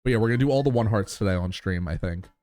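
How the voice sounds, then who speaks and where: A man with a New York accent chats with his live-stream viewers between bits of reading a game. His voice sits on the low side, easygoing and quick to laugh, with casual swearing. Faint game music plays under him. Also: darkish tone, no room sound. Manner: chatty, laughs easily, swears casually, talks to chat.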